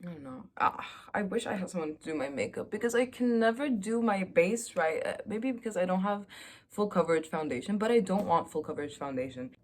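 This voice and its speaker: A woman's voice: mid-range voice, animated, brisk. A young woman vlogger in a casual confessional chat, telling candid stories with a self-mocking, chatty humor.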